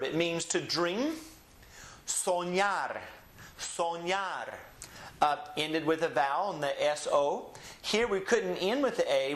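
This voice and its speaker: Male teacher, slightly high voice, patient and methodical, roomy echo. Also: a bit bright. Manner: patient, explains step by step, repeats words slowly. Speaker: Spanish teacher. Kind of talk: recorded language lesson.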